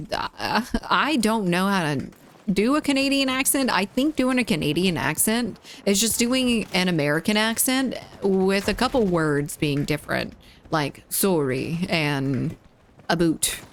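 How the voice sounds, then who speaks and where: Lively giggly woman streaming a game. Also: medium pitch. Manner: giggly, reads chat aloud and chats back. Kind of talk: casual live-stream chat while gaming.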